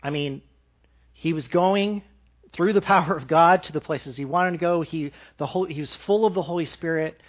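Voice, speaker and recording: A man preaching a sermon to a live congregation, asking them questions and dropping to a soft, quiet voice for emphasis. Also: on the high side, moderate pace, dull audio. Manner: engaging, asks the audience questions.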